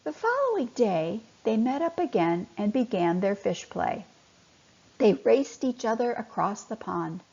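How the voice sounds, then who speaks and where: A woman softly and expressively reading a bedtime story to children. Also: fairly high pitch, very animated, a little slow, creaky, husky. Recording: dull lo-fi recording.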